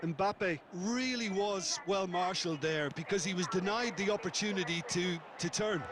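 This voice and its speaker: A man's voice: high voice, lightly acted. A man as a thoughtful football pundit. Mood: analytical. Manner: explanatory, measured. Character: adult male football co-commentator, analytical. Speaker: co-commentator. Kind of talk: scripted sports analysis. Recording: game audio with noise behind.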